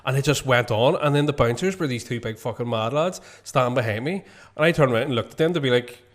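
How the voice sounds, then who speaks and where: A man's voice: medium pitch, fast talker. A young man with a Belfast accent, telling stories as a podcast co-host, laughing often and swearing freely. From Northern Ireland. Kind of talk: casual chat, storytelling.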